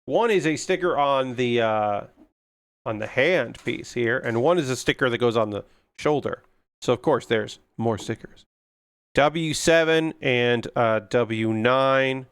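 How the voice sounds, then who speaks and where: A man's voice: medium pitch, a little slow, smooth, dry recording. A young man chatting casually on a livestream while building a model kit, ranting with frequent swearing and filler words. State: yawning.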